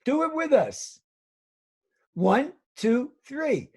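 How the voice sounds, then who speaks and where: A man's voice: extremely high pitch, big pitch swings, extremely slow, a little mellow. A man teaching a children's drama class, guiding the young actors through vowel and breathing exercises. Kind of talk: guided classroom instruction.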